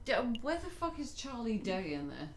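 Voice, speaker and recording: A woman's voice: on the high side, very animated, normal speed. A woman co-streaming a game, bantering with wry, crude jokes. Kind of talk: casual banter.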